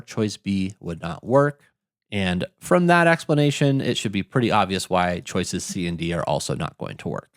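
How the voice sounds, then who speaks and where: A man tutoring test prep, talking through grammar questions in a lively teacher's tone and asking rhetorical questions. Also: mid-range voice, no room sound, clean studio sound. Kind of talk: explaining grammar questions on screen.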